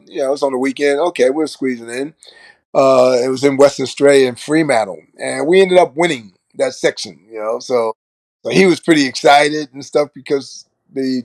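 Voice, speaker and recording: An older man tells a long story on a podcast, putting on voices for the people in it and laughing along. His voice sits at an ordinary middle pitch and is recorded close and dry, with no room sound. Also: no echo. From Brooklyn, New York. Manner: animated anecdote-telling with laughs and acted quotes. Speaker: podcast guest. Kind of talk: storytelling in casual chat.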